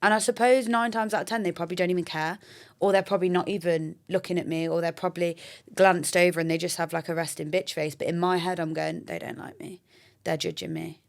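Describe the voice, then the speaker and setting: A young adult woman, a podcast guest, chatting casually and telling lively stories, often acting out what people said. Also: lowish voice, fast talker. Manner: chatty, animated storyteller acting out quoted dialogue. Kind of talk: casual chat.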